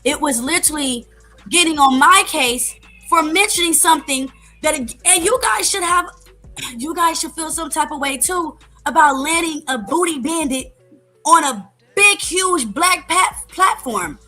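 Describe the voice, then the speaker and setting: Brief: woman, high and sharp-toned, emphatic and accusatory on a stream panel. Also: expressive, a little slow. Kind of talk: heated live-stream debate.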